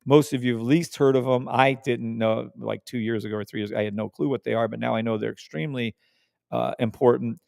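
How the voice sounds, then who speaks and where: A man's voice: medium pitch, steady tone, fast, vocal fry, a little mellow, no echo, studio quality. A man hosting a live trading stream, talking casually and emphatically, repeating words for stress and swearing when riled. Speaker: trading livestream host.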